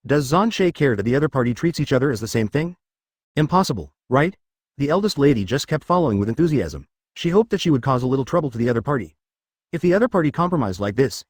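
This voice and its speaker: A man narrating a web novel in a rapid, rambling reading style. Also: on the high side, darkish tone, no room sound, studio quality.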